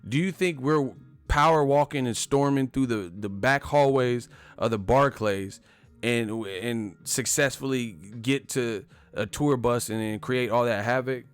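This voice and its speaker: A man's voice: mid-range voice, unhurried, clean tone. A man hosting a boxing live stream, talking casually and profanely, retelling stories with acted-out quotes. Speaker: boxing channel host.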